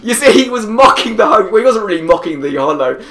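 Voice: medium pitch, sing-song, quick pace, fairly bright tone. Chatty gamer in an echoey room. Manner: chatty and rambling, laughs often. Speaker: gameplay commentator. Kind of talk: casual gameplay commentary. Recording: roomy echo.

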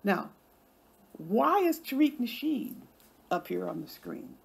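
A woman's voice: fairly high pitch, big pitch swings, takes it slowly, creaky, breathy edge. Indignant woman ranting on a channel. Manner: indignant, confrontational, swearing. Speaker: YouTube commentary host. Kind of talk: ranting commentary.

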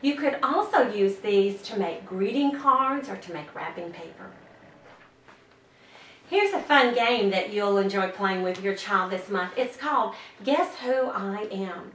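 A woman giving gentle, encouraging instructions to parents on activities to do with their children. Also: mid-range voice, a little hiss or hum. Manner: slow, gentle, encouraging explaining. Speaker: parent educator host. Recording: echoey room, distant mic.

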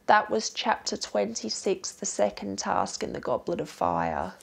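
Gravelly-voiced Australian young woman. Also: medium pitch, wildly swooping pitch, a little slow. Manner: matter-of-fact, precise recall of dates. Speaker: interviewee. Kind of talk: casual interview.

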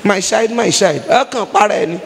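A woman's voice: mid-range voice, brisk, creaky, in a large hall, a little hiss or hum. Emphatic Nigerian woman preaching. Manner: emphatic preaching, rising to fervent prayer. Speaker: evangelist. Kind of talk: sermon.

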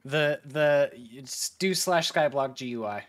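A man streaming a game with friends, loud and excitable, swearing often in casual chat. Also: medium pitch, slow pace.

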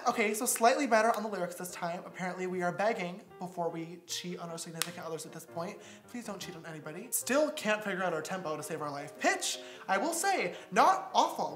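A man's voice: sits high, a bit bright, roomy sound. A young man doing reaction commentary on his old videos, sarcastic and self-mocking, often laughing. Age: young adult.

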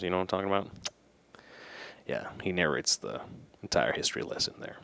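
A man's voice: low voice, expressive, brisk, gravelly, sharp tone. A young man giving casual, sarcastic commentary while playing an old video game. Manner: sarcastic, offhand remarks. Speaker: let's play commentator. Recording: heavy background noise.

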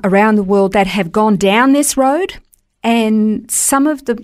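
A woman's voice: fairly high pitch, darkish tone. Emphatic woman teaching the Bible. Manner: emphatic, explanatory, fluent. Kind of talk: radio Bible teaching chat.

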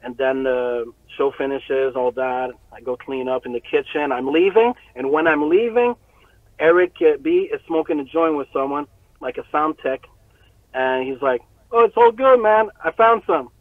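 A man telling a story as an interview guest, profane and animated, often breaking into laughter. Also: mid-range voice, moderate pace, dry recording. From Montreal. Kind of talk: casual storytelling. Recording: tinny phone-like line, very dry.

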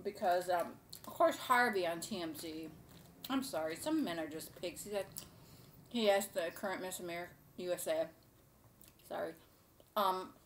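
A woman's voice: on the low side, moderate pace, pauses often, a little hiss or hum. A woman hosting a casual cooking show, chatting to camera in a gushing, rambling way.

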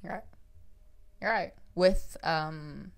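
A woman's voice: on the low side, takes it slowly, creaky. A young woman co-hosting a podcast in casual chat, throwing in blunt, profane quips. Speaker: podcast co-host.

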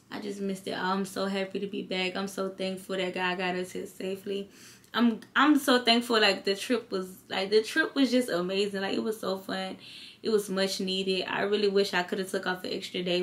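A tired woman, vlogging in a casual late-night chat to camera and telling stories in a slangy way. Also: mid-range voice. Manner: chatty storytelling, slangy, animated when retelling.

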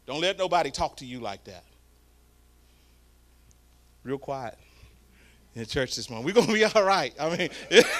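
A man preaching a storytelling sermon, swinging from hushed asides to loud shouts. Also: on the high side. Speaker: guest preacher. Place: church sanctuary.

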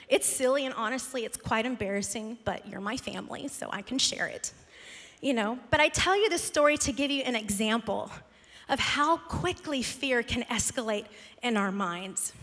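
Animated high-voiced woman pastor preaching. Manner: animated, self-mocking storytelling. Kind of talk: storytelling sermon. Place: church sanctuary. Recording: large hall with long reverb.

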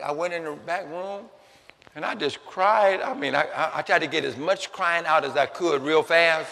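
A man preaching a sermon as a pastor, telling a personal story with repeated words and restarts, building up to shouts. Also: sits high. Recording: long hall reverb, faint noise.

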